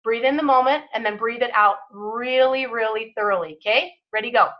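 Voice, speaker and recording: A woman's voice: on the high side, fairly quick, highs cut off. A woman leading a motivational team call, encouraging and emphatic, guiding listeners through breathing. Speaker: team leader hosting a call.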